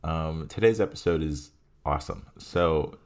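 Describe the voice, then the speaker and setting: A young man in his twenties with a very low voice hosts his own podcast. He talks casually in a rambling, profane, self-deprecating way, recorded on a home mic. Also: a little slow, clear, resonant tone. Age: 20s. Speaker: podcast host. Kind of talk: casual solo podcast monologue. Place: home room. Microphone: headphones with home mic.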